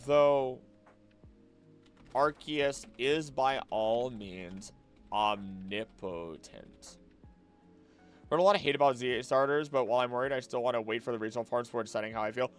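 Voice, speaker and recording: A man's voice: medium pitch, normal speed, soft background music. A young man streaming late at night, chatting casually and thinking aloud, often restarting his sentences and drifting off topic. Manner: rambling, easily distracted, musing aloud with many restarts.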